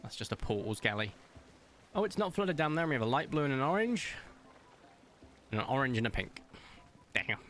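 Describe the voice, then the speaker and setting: A man streaming a game, chatting casually, reading viewers' messages aloud and telling stories, with big playful jumps in pitch. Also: big pitch swings, normal speed, pauses often, a bit bright, slight background noise. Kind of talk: casual chat while gaming, reading chat aloud.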